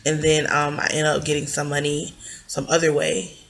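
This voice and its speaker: A woman's voice: low voice, little pitch movement, normal speed, creaky, slight background noise. A young adult woman vlogger casually retelling a personal story, rambling with plenty of likes and ums.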